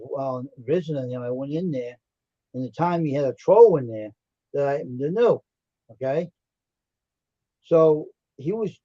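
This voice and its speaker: A man's voice: fairly high pitch, dark tone, no echo. A man hosting a livestream, joking around and telling blunt stories in casual chat. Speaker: livestream host. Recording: dull dry lo-fi stream audio.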